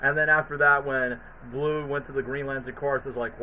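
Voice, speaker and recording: Excited guy gushing about cartoons, bright tense voice, bit of hiss behind. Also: mid-range voice, low-quality recording. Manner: excitable, mimics characters in quick bursts. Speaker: stream co-host. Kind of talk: casual chat, retelling cartoon parody scenes.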